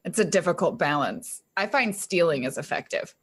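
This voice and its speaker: A woman playing a tabletop game, making dry, deadpan quips. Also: on the low side, moderate pace, breathy edge. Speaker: player.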